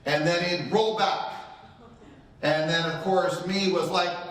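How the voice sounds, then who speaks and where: Animated man speaking in a very echoey room. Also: fairly high pitch, unhurried. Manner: animated storyteller acting out quotes. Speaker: real estate training speaker. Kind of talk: motivational talk to a live audience. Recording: very echoey room, voice far from mic.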